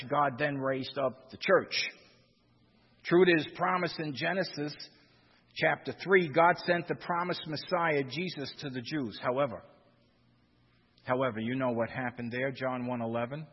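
A man's voice: fairly high pitch, fairly even intonation, moderate pace, slightly rough, in a large hall, dull audio. A man preaching a sermon as a pastor, with swells of emphasis and repeated phrases.

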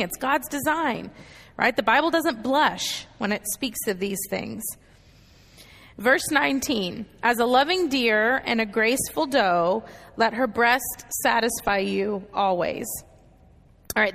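A woman's voice: fairly high pitch, a bit bright, big-room sound. A woman teaching a Bible study, walking through the verses one by one and often checking in with "okay" and "right".

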